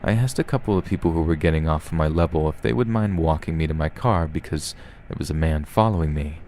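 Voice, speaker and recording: A man narrating scary stories in a steady, even storytelling manner, as the host of a horror reading podcast. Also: very deep voice, quick pace, a little hiss or hum. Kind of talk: scripted narration.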